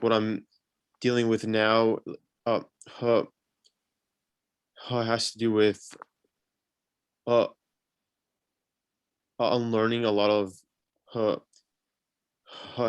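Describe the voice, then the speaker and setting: A man's voice: fairly low pitch, clear, resonant tone, no echo. A young man on an online panel speaking with a heavy stutter, repeating sounds and using many fillers. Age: young adult.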